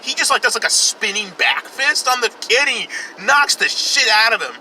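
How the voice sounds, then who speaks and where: A man's voice: extremely high pitch, animated, normal speed, pushed and bright, slight background noise, low-quality recording. A young man casually reviewing a film while driving, rambling, profane and sarcastic. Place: in a car, outdoors traffic.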